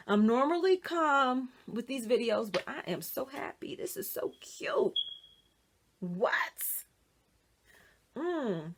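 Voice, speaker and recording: A woman's voice: on the high side, sing-song, slow, long pauses, husky. A middle-aged woman chatting casually in a wig unboxing vlog, talking to viewers as y'all, dropping into whispers and squealing with delight. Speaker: wig reviewer.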